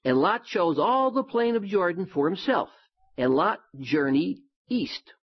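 A man from the United States, teaching a sermon with animated, folksy asides. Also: high voice, a little slow, husky. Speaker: Bible teacher. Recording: dull lo-fi sound.

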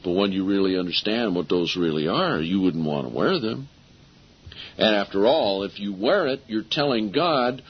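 A husky-voiced man preaches a sermon, reading scripture aloud in an emphatic way. He slows right down to drive home key phrases. The recording is dull and lo-fi. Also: fairly low pitch, lively intonation.

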